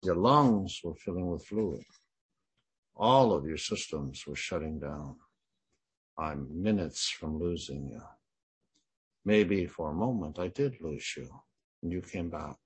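Fierce no-nonsense older wife, read by a man in his own low husky voice, firm and blunt. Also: lively intonation, takes it slowly, long pauses, heavily acted. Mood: somber. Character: fierce, persistent wife in her later years.

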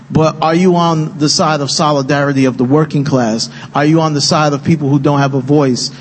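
A man's voice: on the high side, normal speed, hardly any pauses. A man speaking passionately and earnestly on a film panel, getting emotional as he talks. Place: event hall with live audience. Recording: long-reverb hall with faint noise.

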